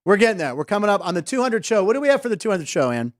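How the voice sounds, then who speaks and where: A fairly high-voiced man runs a sports comedy talk show, full of quick jokes and rambling asides. His voice sounds close and dry. He speaks from a studio desk. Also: sing-song, no echo. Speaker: host. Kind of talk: casual sports comedy podcast banter.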